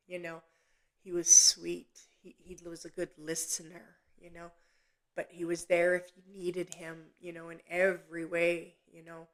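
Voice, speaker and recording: A woman hosting a live psychic medium session, talking gently and haltingly with many pauses and restarts. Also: lowish voice. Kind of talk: live online reading.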